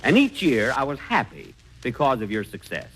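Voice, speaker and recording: A man's voice: medium pitch, huge pitch swings, normal speed, fairly bright tone, husky, rough recording. A man hosting a 1940s radio comedy with a dry, self-important comic delivery. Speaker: comedy show host.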